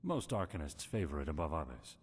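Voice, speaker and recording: A scholarly game mage lectures in a very deep, husky voice. His pitch rises and falls with lively emphasis. The sound carries a long reverb from the game audio. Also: fairly quick, a little hiss or hum. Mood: lecturing. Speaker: game character explaining magic schools.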